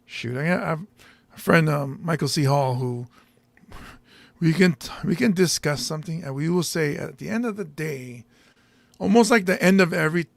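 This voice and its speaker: Comedian host, male, gravelly, slightly high voice, loose rambling banter, dry close mic. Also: no room sound. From Samoa. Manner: rambling, joking, quick to laugh. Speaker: stand-up comedian hosting a show. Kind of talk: casual chat to an audience.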